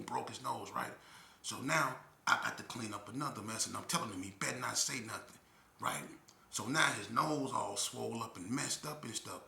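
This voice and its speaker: Animated man telling a story, echoey room. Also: medium pitch, gravelly. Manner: animated, acts out quotes loudly. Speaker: storyteller guest. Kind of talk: casual storytelling.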